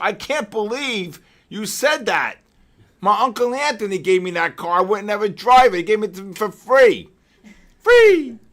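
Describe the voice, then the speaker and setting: An older man with a somewhat high voice runs a live trading stream. He talks excitably, breaking off from chart commentary into jokey tangents and sudden loud outbursts. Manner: excitable, joking storyteller with loud exclamations. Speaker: trading session host.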